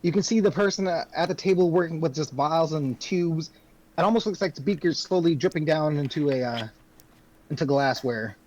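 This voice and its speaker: A man narrating as game master in a tabletop game, loose and halting with lots of fillers. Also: fairly high pitch, darkish tone, dull audio.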